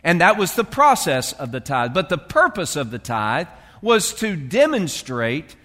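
A man's voice: a little high, very animated, a little slow, sharp tone, long reverb tail. A male pastor preaching a sermon in a loose, conversational way, with fillers and restarts as he reads and explains scripture.

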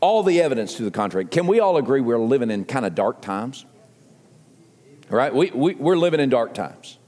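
A man's voice: a little high, darkish tone, in a large hall. An older man with a Southern accent preaching a sermon as a pastor, earnest and emphatic, repeating phrases as he builds to appeals. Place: church sanctuary.

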